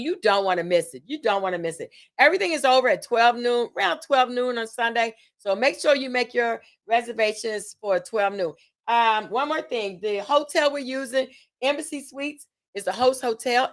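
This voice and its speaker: Speaking in a slightly high, fairly bright voice, this Tampa, Florida woman is the host and event organizer of a laid-back livestream. Between chatting with viewers and running call-and-response to pump up the crowd, she reads event details, stumbling over fillers and correcting herself.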